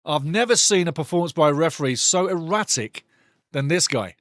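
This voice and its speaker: A man's voice: fairly high pitch, expressive, normal speed, no echo, studio quality. A man doing passionate live football commentary for a watch-along, mocking the referee and bantering with the chat.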